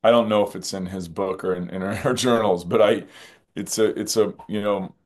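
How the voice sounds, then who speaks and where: Earnest, musing man with a low voice. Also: fairly even intonation, moderate pace. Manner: earnest, musing, often repeats phrases and restarts. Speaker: film director, interview guest. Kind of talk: reflective interview conversation.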